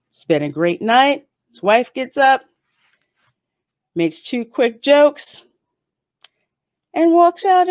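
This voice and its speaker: Chatty woman reviewing a TV episode. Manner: chatty, animated, with frequent pitch jumps. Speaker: YouTube reviewer. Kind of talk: casual stream-of-consciousness TV review.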